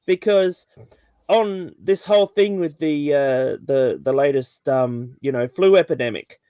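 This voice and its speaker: A man with an Australian accent chats loosely on a video call, his voice a touch higher than most. The sound is dry and close, with no room around it. He rambles easily, padding his sentences with fillers. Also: measured pace, warm tone, smooth, no room sound. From Tasmania, Australia. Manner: chatty, rambling with many fillers. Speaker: panel host. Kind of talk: casual video call chat.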